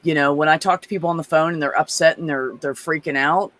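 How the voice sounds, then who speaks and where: A man's voice: a little high, steady tone, fast, a bit bright. A man in a casual chat, talking animatedly and swearing freely as he tells stories. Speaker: guest.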